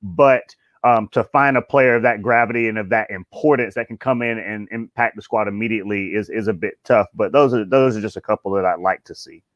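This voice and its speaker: A man's voice: on the low side, fairly quick, dry recording, muffled recording. A man calling in to a fan show, speaking earnestly and often restarting his phrases. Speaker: caller.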